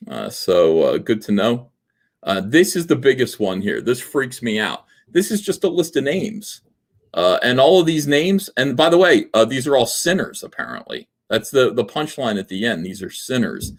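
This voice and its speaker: Male stream host, loose jokey rambler, full of "uh"s, very animated intonation. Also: medium pitch, moderate pace. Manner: rambling, jokey, filler-heavy. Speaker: livestream host. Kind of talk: casual livestream chat.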